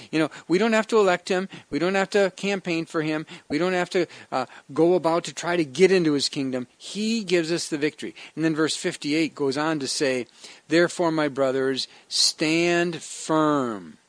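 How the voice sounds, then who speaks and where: A man's voice: fairly high pitch, brisk, no room sound. A man giving a conversational devotional sermon as a pastor, earnest in tone and often restarting his phrases.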